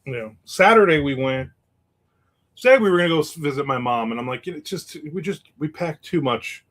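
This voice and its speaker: A man's voice: fairly high pitch, lively intonation, a little fast, a bit bright. Rambling middle-aged man chatting on stream. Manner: rambling, reads viewer comments aloud. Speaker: livestream host. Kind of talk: casual livestream chat.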